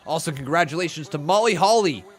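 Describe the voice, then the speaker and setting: A man hosting a live watch-along stream, giving excitable play-by-play reactions and shouting at big moves. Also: fairly high pitch, quick pace, soft background music.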